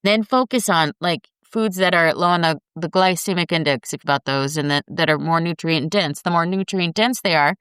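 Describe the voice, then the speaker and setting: A woman's voice: fairly low pitch, normal speed, hardly any pauses, fairly bright tone, clear, resonant tone, no echo, studio quality. A middle-aged woman hosting a show, talking casually and earnestly to her viewers about health and weight loss in a coaching way. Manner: earnest, coaching, addresses listeners as guys. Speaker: podcast host.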